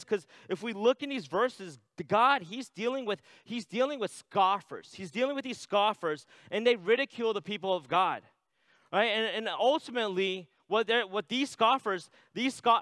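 A man's voice: high-pitched, animated, normal speed, fairly bright tone, no echo. A man preaching a sermon in a conversational way, reading scripture aloud and adding "right?" asides. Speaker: pastor.

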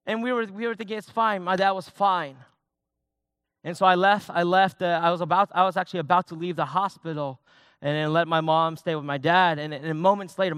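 Young male youth pastor, conversational sermon delivery; smooth, resonant voice, dry close recording. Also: high-pitched, a bit bright, no room sound. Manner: personal, conversational preaching with many restarts and fillers.

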